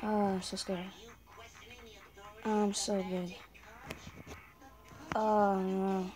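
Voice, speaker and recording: A woman's voice: mid-range voice, little pitch movement, drawn-out words, over music, low-quality recording. A young woman giving casual running commentary on a video game, chatting to viewers and often apologizing to them. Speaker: gaming channel host.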